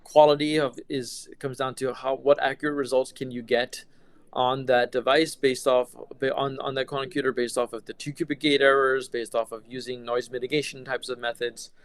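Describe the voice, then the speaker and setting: A man's voice: medium pitch, little pitch movement, brisk, clear, resonant tone, no echo. A middle-aged man answering interview questions about his engineering work in a casual, hesitant way with many fillers and restarts. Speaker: quantum computing engineer.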